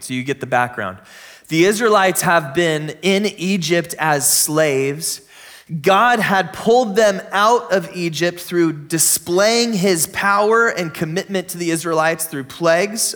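A man in his thirties preaching in church, his voice sitting high for a man. He tells stories in an easy, conversational way, swinging up loud and high for the punchlines, then dropping low and quiet for prayer. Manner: conversational storytelling with animated swings in pitch and volume. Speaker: pastor. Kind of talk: sermon.

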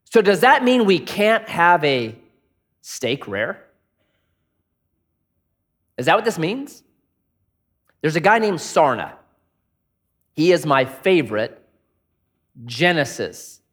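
A middle-aged man preaches with a high-pitched voice that rises and falls in animated swings. He tells stories and acts out the people in them. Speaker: pastor. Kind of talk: sermon with storytelling.

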